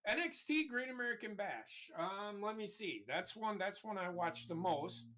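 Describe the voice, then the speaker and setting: A man's voice: high voice, normal speed, a bit bright. A man chatting casually with friends while gaming, blunt and grumbling, swearing a lot. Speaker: show regular, wrestling fan.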